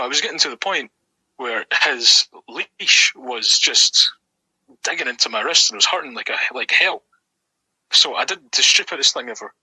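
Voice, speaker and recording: Bright, husky Scottish man. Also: mid-range voice, no echo, low-quality recording. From Scotland. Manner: rambling and sweary, with many fillers. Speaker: guest. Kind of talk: casual storytelling.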